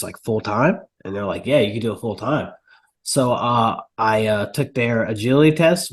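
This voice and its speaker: A man speaks as a guest on a podcast, recounting how he got into the fire service. He talks easily and casually, using lots of filler words, in a mid-pitched voice. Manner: relaxed, loose, uses filler words. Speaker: firefighter guest. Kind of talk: casual interview.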